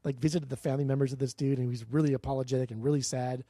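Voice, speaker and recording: A man with a husky voice talks in eager bursts, cussing and calling his co-host dude. The sound is dry and close, like a podcast mic. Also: medium pitch, little pitch movement, racing, dark tone, no echo. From United States. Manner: enthusiastic, swears a lot, says dude. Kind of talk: casual chat.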